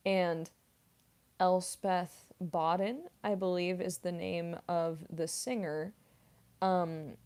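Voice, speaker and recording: During a relaxed livestream, a voice actress who trained classically as a singer answers what viewers write in. Her voice is fairly low and a little mellow, and she chats along with frequent "like" and "um."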